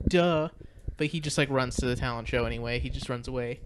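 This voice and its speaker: A man's voice: mid-range voice, brisk, slight background noise. A man co-hosting a podcast, recapping a movie in casual chat, rambling with lots of fillers and restarts. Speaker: podcast co-host.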